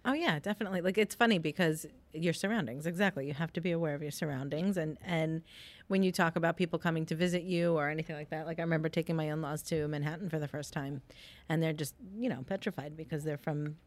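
A woman's voice: low voice, fast. A chatty woman from Long Island, New York, who laughs easily in casual conversation. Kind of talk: casual chat.

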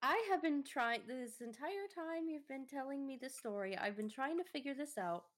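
A woman's voice: high-pitched, expressive, moderate pace. A woman co-hosting a podcast, reacting playfully and giggling in a casual chat while playing a video game. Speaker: podcast co-host.

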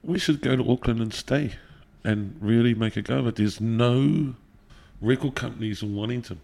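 A middle-aged man with a New Zealand accent tells stories in a relaxed interview. He talks animatedly, swears freely and laughs often. His voice sits at an ordinary pitch for a man. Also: moderate pace, gravelly. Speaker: podcast guest, musician. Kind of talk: casual interview storytelling.

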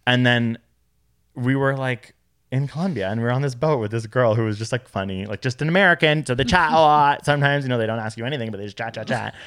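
A man chatting casually as a co-host, telling animated stories and acting out quotes with big jumps in his voice. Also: fast, smooth. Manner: animated storyteller who acts out quotes with big pitch jumps. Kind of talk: casual chat.

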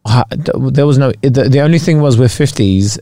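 A man's voice: mid-range voice, normal speed, dry recording. Joking man in a dry room. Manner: jokey, animated banter. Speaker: podcast co-host. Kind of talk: casual chat.

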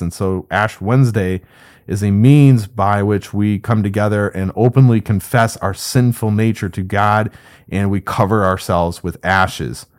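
Man teaching a casual Bible study. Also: on the low side. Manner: unscripted and conversational, walking through the text verse by verse. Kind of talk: informal Bible study commentary.

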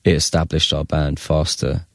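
Very deep-voiced man, rambling. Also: monotone, normal speed, gravelly, no echo, studio quality. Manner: rambling, swearing, laughing storyteller. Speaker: musician guest. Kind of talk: casual interview chat.

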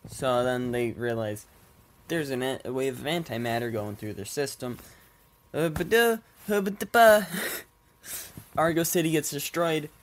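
A man hosting a casual solo podcast at home with a stuffy nose, rambling, laughing often and swearing offhandedly. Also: mid-range voice. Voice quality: congested, nasal. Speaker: podcast host. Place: at home with his cats.

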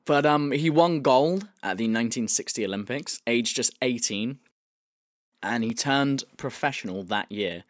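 A man's voice: mid-range voice, animated, measured pace, no room sound, clean studio sound. A man hosting a casual podcast, presenting a segment, swearing freely and laughing as he talks. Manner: swears freely, laughs often, reads quotes aloud.

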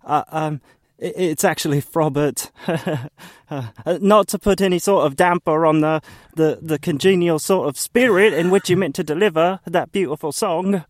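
A man's voice: fairly high pitch, normal speed, dry recording, clean studio sound, natural voice. A man playing a self-pitying, divorced male roommate with an accent, stammering and hesitant in a gloomy improv comedy scene.

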